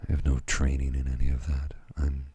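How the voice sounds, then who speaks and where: A tired man from Canada, talking slowly and haltingly at home at night in a soft ASMR manner, with many fillers and restarts. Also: rumbling low, monotone, husky, no echo. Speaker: ASMR channel host. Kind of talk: soft-spoken ASMR personal talk.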